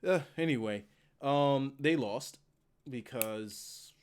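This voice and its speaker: A man's voice: mid-range voice, slow, smooth. A man reviewing a wrestling show in a casual, profane chat, laughing often. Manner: animated, profane, laughs a lot.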